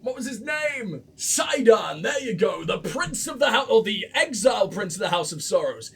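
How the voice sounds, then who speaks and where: A man hosting a let's play and commenting on the game in a sarcastic, sweary, excitable way. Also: high-pitched, normal speed, gravelly, husky, raised voice. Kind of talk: gameplay commentary.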